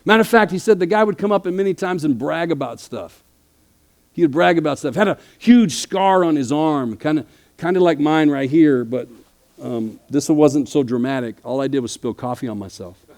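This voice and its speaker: Male pastor, sermon, higher-pitched voice, shifts from quiet storytelling to loud preaching. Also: normal speed.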